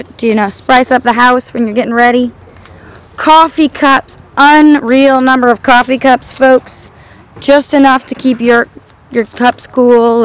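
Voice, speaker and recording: A woman's voice: sits high, low-quality recording. A woman hosting an auction preview, cheerfully listing items as she walks through an outdoor sale yard. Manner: upbeat listing of items, addresses folks. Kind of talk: walkthrough sales pitch.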